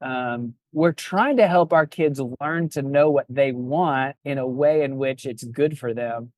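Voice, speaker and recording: A man's voice: medium pitch, a little slow, dry recording. A man in his fifties, a pastor, talking reflectively on a podcast and often restarting his phrases. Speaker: pastor and guest. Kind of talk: casual podcast conversation.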